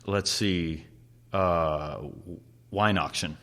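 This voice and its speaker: A young man hosting a casual chat, telling animated stories and swearing often as he acts out quotes. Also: low voice, extremely slow. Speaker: podcast host, chef.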